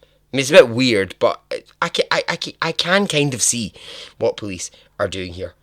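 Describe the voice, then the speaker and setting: A man's voice: medium pitch, very animated, moderate pace, no room sound, clean studio sound. A man hosting a podcast, telling a true-crime story in a casual, chatty way, laughing and swearing now and then. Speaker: podcast host.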